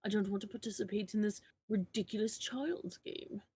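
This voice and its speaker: A woman's voice: medium pitch, normal speed, darkish tone, breathy edge. A woman voicing a haughty, indignant male priest with a put-on French accent, while reading a game aloud. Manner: indignant and protesting.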